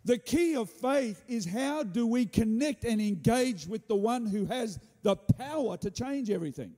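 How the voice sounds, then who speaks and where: A man preaching a sermon, telling a story with animated delivery and joking asides. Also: very high voice, moderate pace. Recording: hall reverb.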